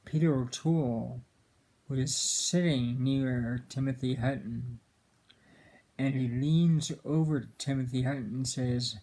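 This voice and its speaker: A man giving a casual, earnest film commentary, halting often with fillers and restarts. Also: medium pitch, mellow. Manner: earnest and emotional about the film.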